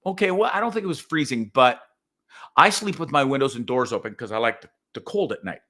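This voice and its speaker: A man hosting his own show, telling a story in a profane, animated rant with sudden loud outbursts. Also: medium pitch, brisk. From Canada. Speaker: podcast host. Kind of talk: casual ranting monologue.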